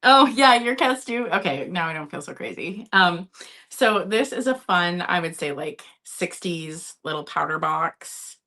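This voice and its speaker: A woman's voice: fairly low pitch, animated, measured pace, bright, forceful tone. A woman from Minnesota hosting a live vintage sale, chatting casually, laughing often and talking to her cat. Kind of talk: live-stream selling chat.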